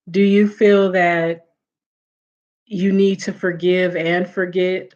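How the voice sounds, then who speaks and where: A woman casually telling a funny family story to her live viewers, laughing often and acting out what her relatives said. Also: on the low side. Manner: animated, laughs often, acts out quoted relatives. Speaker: livestream host. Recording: dull lo-fi audio.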